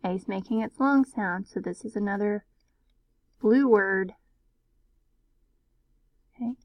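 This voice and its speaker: Gravelly-voiced woman teaching phonics. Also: medium pitch, darkish tone, no room sound, low-quality recording. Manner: patient, sounds words out slowly. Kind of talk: recorded phonics lesson.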